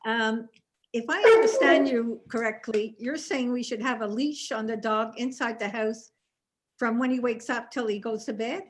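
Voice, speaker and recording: A woman's voice: a little high, normal speed. A woman attending a webinar by video call, asking a question with some hesitation. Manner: hesitant, with fillers.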